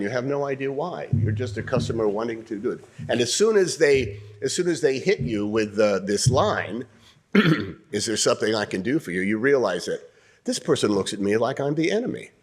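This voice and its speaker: An older man teaching an acting workshop, coaching students through scenes in an animated way and often clearing his throat. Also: mid-range voice, normal speed.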